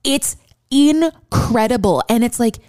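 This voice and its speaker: A woman's voice: on the high side, expressive, takes it slowly, darkish tone, no room sound, clean studio sound. A young woman co-hosting a podcast in casual chat, enthusiastic, swearing freely and laughing often. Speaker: podcast co-host.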